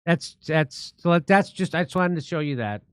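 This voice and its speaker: Man, livestream host, sarcastic, profane, indignant, slightly high voice, dry close sound. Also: expressive, normal speed, smooth, no room sound. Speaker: show host. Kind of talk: political commentary on a livestream.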